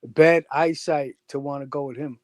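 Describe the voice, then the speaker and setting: A man's voice: on the high side, fairly even intonation, normal speed, darkish tone, no room sound. A man co-hosting a casual chat, skeptical and often stammering as he restarts.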